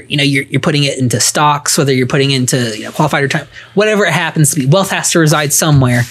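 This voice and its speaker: Man, podcast co-host, animated and easily laughing, walks through points in order. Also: on the high side. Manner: animated, laughs often, reviews points one by one. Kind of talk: casual podcast chat.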